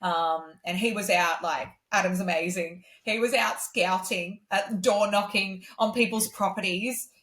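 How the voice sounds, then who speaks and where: A woman's voice: a little slow, hardly any pauses, echoey room. An Australian woman, a singer-songwriter, telling stories in a casual podcast interview, with lots of "um" and "like" fillers. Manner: animated, acts out others' lines in a much higher voice; many "um" and "like" fillers.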